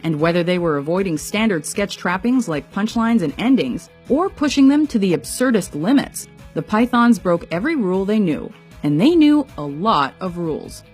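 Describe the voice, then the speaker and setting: A woman narrating a scripted countdown video in a wry, measured way. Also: mid-range voice, very animated, a little mellow, husky, faint music behind. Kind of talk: scripted list-show narration.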